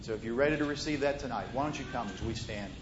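A man preaching a sermon, moving between loud, emphatic lines and soft, hushed storytelling. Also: fast. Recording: roomy muffled hall recording, faint rumble.

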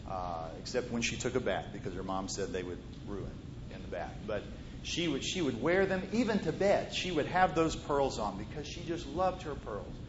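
A man's voice: animated, moderate pace. Preacher man in an echoey church. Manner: swings from loud emphatic to soft, hushed storytelling. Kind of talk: sermon with storytelling. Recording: roomy muffled hall recording, faint rumble.

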